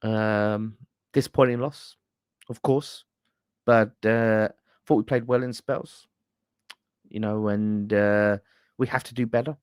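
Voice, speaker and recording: A man's voice: lowish voice, steady tone, takes it slowly, pauses often, smooth, dry recording, clean studio sound. A man imitating a football manager giving a bland, cliché-filled post-match interview with hesitant fillers. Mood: mocking.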